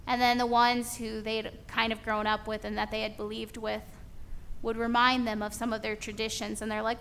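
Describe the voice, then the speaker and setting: A woman preacher giving a sermon in an animated storytelling manner, acting out bits of dialogue. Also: a little high, moderate pace, a little hiss or hum.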